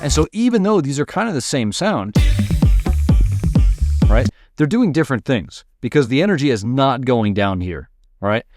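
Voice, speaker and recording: A man's voice: mid-range voice, very animated, normal speed. A man teaching music production in a casual screen-share tutorial, explaining as he works and checking in with "right?" and "all right".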